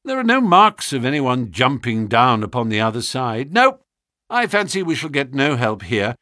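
Sherlock Holmes, crisp and commanding as a man reads him. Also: medium pitch, big pitch swings, normal speed, pushed and bright, no echo, studio quality. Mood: intent.

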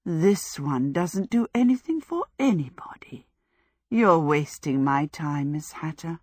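A woman reading an audiobook, voicing a haughty, menacing witch who talks in a cold, low hush. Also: animated, slow pace, husky, no room sound, clean studio sound, full character voice. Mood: contemptuous. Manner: cold, contemptuous, hushed and low. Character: haughty menacing female witch, grand lady. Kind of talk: audiobook character voice.

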